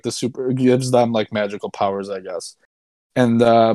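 A man's voice: mid-range voice, darkish tone, dry recording, clean studio sound. A young man casually and sarcastically recapping a movie he disliked, rambling and swearing as a podcast co-host. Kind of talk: casual chat.

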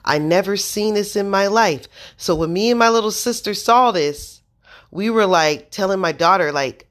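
A woman's voice: mid-range voice, moderate pace. A woman in her thirties telling a personal story to viewers, intense and earnest, swearing freely and speaking straight to her audience. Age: 30s. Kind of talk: casual spoken storytelling.

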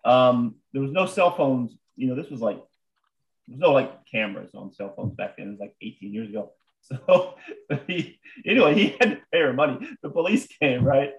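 An American man, a businessman guest, telling stories in an animated, casual way, with frequent restarts. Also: mid-range voice, normal speed, vocal fry, highs cut off. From United States. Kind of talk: casual conversational storytelling.

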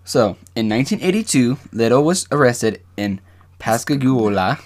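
A man co-hosting a true-crime podcast in easy, casual chat. He reads the case details aloud and keeps breaking off for quick jokes and asides to his co-host. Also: medium pitch, lively intonation.

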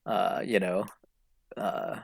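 Deadpan podcast co-host man, lowish voice. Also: extremely slow, gravelly, breathy edge, no room sound. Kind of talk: casual podcast banter.

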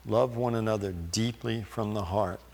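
A man preaching a sermon, reading scripture slowly and deliberately with pauses. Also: on the low side, creaky, a little mellow, big-room sound.

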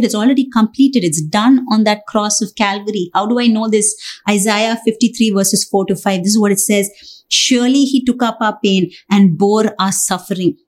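A woman's voice: medium pitch, a little mellow. A woman preaching a sermon, earnest and pleading, with many rhetorical questions.

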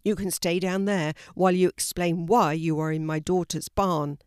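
A woman voicing a protective father who speaks in a deep, authoritative way. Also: fairly even intonation, normal speed, clear, resonant tone, no room sound, studio quality, lightly acted. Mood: stern.

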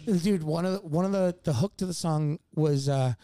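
A man's voice: fairly high pitch, moderate pace, mellow, dry recording. A man telling a long, rambling story as a podcast guest, swearing often and laughing mid-sentence. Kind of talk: casual storytelling chat.

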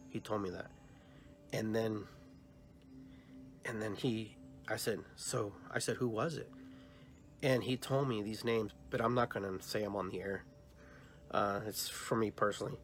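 A male podcast host telling a dream story in a lively way, acting out the dialogue he quotes. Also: fairly low pitch, a little slow, long pauses, faint music behind. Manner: animated storyteller who acts out quoted dialogue.

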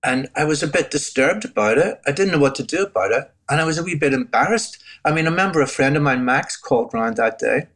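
This older man from Northern Ireland talks fast, with hardly any pauses, in a slightly high, animated, somewhat bright voice and a Northern Irish accent. He's an interview guest sharing his personal testimony, earnest and reflective, frequently restarting.

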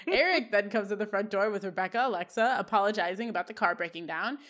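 A woman's voice: mid-range voice, expressive, fast, a bit bright. A woman co-hosting a podcast, casually recapping a sitcom episode and laughing often as she retells scenes. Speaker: podcast co-host.

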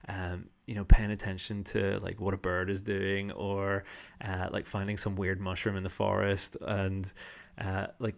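Rambling man telling a story, low voice. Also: gravelly, darkish tone. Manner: rambling, filler-heavy, laughs often. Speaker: podcast host. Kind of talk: casual storytelling monologue. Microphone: studio microphone.

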